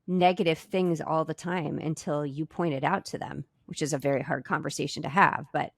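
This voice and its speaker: A woman's voice: sits low, fairly even intonation, moderate pace, vocal fry, no room sound. A middle-aged woman cohosting a podcast, talking reflectively in casual chat. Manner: reflective, thinks aloud with restarts.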